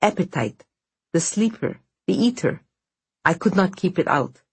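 A woman's voice: lowish voice, expressive, unhurried, slightly rough, heavily acted. A woman voicing a thin, bent male house spirit who mumbles and slurs, weak and fading. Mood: fearful. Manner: mumbling, slurring, defeated.

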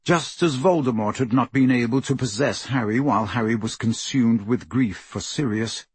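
A man reads an audiobook in a measured, somber manner. His voice is strikingly breathy and husky, at an ordinary male pitch. The recording is close and completely dry. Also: no room sound. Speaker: audiobook narrator. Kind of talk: scripted audiobook narration.

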